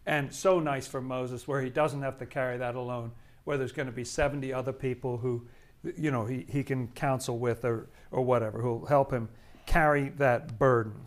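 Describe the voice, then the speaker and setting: A man leading an informal Bible study, commenting on the readings in a chatty, halting way with fillers, restarts and chuckles. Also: medium pitch, fairly even intonation.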